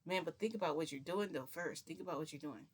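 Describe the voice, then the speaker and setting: A woman's voice: low-pitched, fast talker, slightly rough. A woman telling a story and voicing a man who urges a gunman to stop, in a raised, urging delivery. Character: protective man pleading with a captor.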